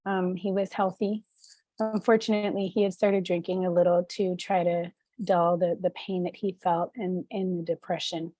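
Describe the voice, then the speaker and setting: A woman speaker tells her own story in an earnest, halting way, filling her pauses with ums. Her voice is mellow and warm, recorded dry and close with no room sound. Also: fairly low pitch, level tone, dry recording. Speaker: suicide prevention advocate and speaker. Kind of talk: personal testimony talk.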